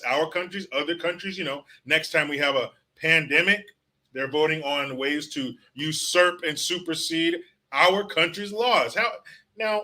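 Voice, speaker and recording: A man's voice: on the high side, sharp tone. A man hosting a political livestream, ranting bluntly and sarcastically with lots of profanity while reading out chat comments. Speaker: political commentary show host.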